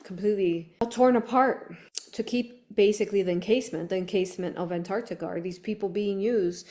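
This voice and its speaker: A woman's voice: fairly low pitch, mellow. A woman guiding a hypnosis session, asking long, rambling questions full of fillers. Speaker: hypnosis practitioner.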